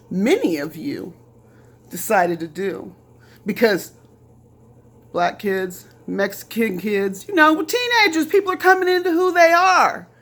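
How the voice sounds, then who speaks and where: A woman's voice: medium pitch, fairly bright tone. A middle-aged woman from Indiana delivering a heated, profane rant straight to the camera, repeating lines and mocking others in quoted voices. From Lafayette, Indiana. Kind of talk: angry direct-to-camera rant.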